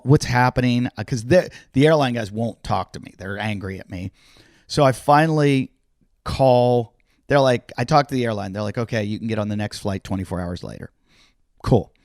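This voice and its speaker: A middle-aged man hosting a podcast spins a story in casual chat, slipping into the voices of the people he meets. His voice sits at an ordinary pitch and sounds dry and close, with little room around it. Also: no echo. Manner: animated storyteller acting out other people's lines; swears casually. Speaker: podcast host and comedian.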